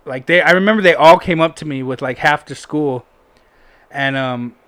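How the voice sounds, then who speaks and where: A young man spins a meandering story from his school days, swearing freely and leaning on fillers. His voice sits a bit high and sounds smooth and resonant. He is recorded close-up in a dry, quiet room. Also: moderate pace, dry recording. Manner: rambling, profane, full of fillers. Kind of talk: casual storytelling chat.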